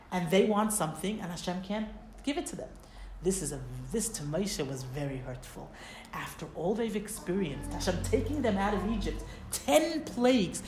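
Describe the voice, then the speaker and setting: Expressive woman teaching, roomy sound. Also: medium pitch. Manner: conversational, expressive, asks rhetorical questions. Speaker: Torah teacher. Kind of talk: casual explanatory lesson. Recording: roomy echo, faint background noise.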